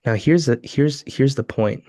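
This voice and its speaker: A man's voice: mid-range voice, unhurried, warm tone, dry recording. A man co-hosting a live webinar over a video call, telling stories earnestly and building to emphatic lists. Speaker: webinar co-host.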